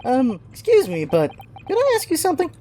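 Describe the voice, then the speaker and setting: A woman's voice: high-pitched, wildly swooping pitch, brisk, mellow, slight background noise, pitched above the performer's own voice. A woman voicing a polite, hesitant young male student in a video game, in a raised voice. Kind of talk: game voice-over.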